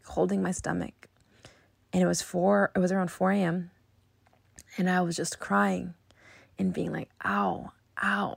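Husky woman telling a painful story. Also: on the low side, dry recording. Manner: emotional, confessional, drifts into soft whispers. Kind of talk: personal storytelling.

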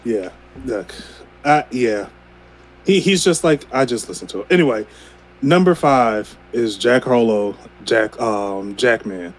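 A man's voice: mid-range voice, unhurried, poor audio. A man co-hosting a podcast in casual chat, laughing easily and often restarting his sentences. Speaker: podcast co-host.

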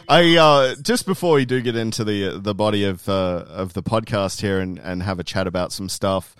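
Australian male podcast guest, smooth and resonant, dry close sound, rambling casual delivery. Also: lowish voice, normal speed, a bit bright, no room sound. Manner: rambling, searches for words. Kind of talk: casual chat.

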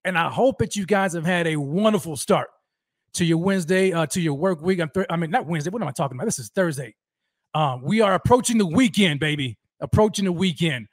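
A man hosting a fan livestream, energetically shouting out viewers by name and talking about how fired up he is. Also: a little high, quick pace, no room sound, studio quality. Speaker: host of a fan livestream show. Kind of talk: energetic live-stream roll call.

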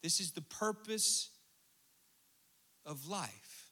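A man preaching a sermon, swinging from hushed asides to emphatic, rhythmic declarations. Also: sits high, very slow. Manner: animated preaching, dropping to near-whispers and rising to emphatic bursts. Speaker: pastor.

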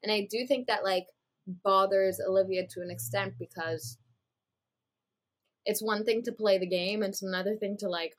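A woman's voice: medium pitch, steady tone, normal speed. Woman podcast co-host, casual and chatty, fillers everywhere, acts out quotes as she recaps. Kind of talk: casual reality-TV recap chat.

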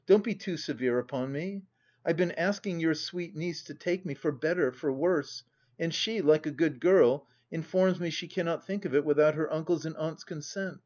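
A man's voice: a little high, muffled recording, natural voice. A man doing a glib, assured young suitor. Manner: pleading, flattering, overly assured.

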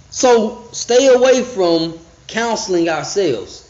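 A man with a fairly high voice teaches scripture in a loose, conversational way. He slows right down for each verse, then jumps back into restarts and asides. The recording is dull and echoey, as if made in a bare room. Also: lively intonation, darkish tone. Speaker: podcast Bible teacher.

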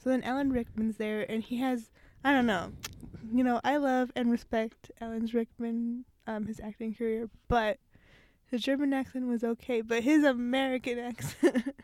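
A woman with a slightly high voice chats about an old action film, giggling and rambling through her thoughts with plenty of fillers. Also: steady tone, moderate pace, darkish tone, a little hiss or hum. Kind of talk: casual chat about movies.

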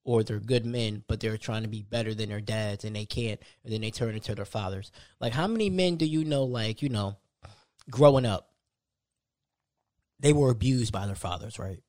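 A man's voice: fairly low pitch, moderate pace, a little mellow, no room sound, clean studio sound. A young man hosting a solo podcast, talking casually and conversationally, often restarting his sentences. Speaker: podcast host.

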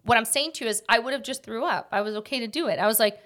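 A woman hosting a casual podcast chat, talking quickly and jumping from one thought to the next like an animated storyteller. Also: a little high. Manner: rapid, jumps between thoughts. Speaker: podcast host.

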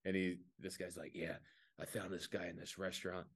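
A man's voice: sits low, fairly quick, slightly rough. A man from Tennessee hosting a casual podcast, telling stories and acting out the voices in them. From Tennessee, USA. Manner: animated storyteller acting out voices. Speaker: podcast host. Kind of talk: casual chat, retelling funny videos.

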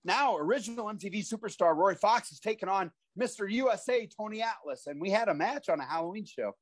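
A man in his forties from Iowa, a former pro wrestler telling animated stories as a podcast guest and acting out the voices of people in them. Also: high-pitched, quick pace, no room sound. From Iowa, USA. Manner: animated storyteller who acts out voices. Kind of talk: casual interview storytelling.

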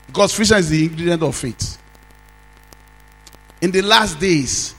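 A Nigerian man, a pastor, preaching a sermon as a story, swinging from loud exclamations to low asides. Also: lively intonation, measured pace, long pauses, slightly rough, rough recording.

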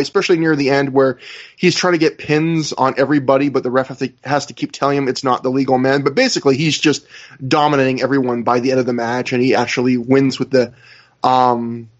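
A man hosting a podcast, recapping events in a relaxed, casual way with fillers. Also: medium pitch, highs cut off. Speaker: podcast host. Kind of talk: casual chat recapping wrestling.

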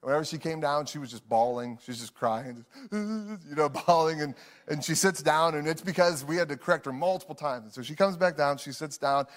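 A man's voice: on the high side, fairly quick. A man in his thirties preaching a sermon as pastor, earnest, repeating phrases for emphasis and chuckling between lines.

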